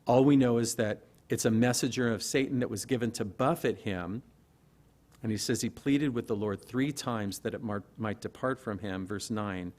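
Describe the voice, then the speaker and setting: A man's voice: on the low side, normal speed, darkish tone. A man preaching a conversational, verse-by-verse sermon as pastor at a church service, often asking rhetorical questions. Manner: conversational, asks rhetorical questions, laughs lightly.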